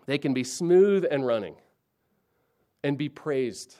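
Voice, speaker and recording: A man in his forties preaching a sermon, swinging between hushed and emphatic lines and building on repeated phrases. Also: mid-range voice, lively intonation, takes it slowly. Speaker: pastor.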